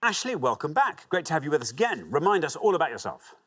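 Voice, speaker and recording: Lively jovial male quiz host. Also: a little high, quick pace. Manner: jovial, teasing banter. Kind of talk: game show hosting. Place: TV studio.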